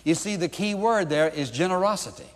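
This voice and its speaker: A man's voice: sits high, animated, a little fast, big-room sound. A male pastor preaching a sermon in an emphatic way, pressing his points with repeated rhetorical questions.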